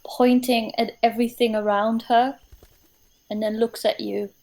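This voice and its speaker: A woman narrating a tabletop game as game master, describing scenes slowly with many hesitations. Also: on the high side, flat delivery, vocal fry, darkish tone.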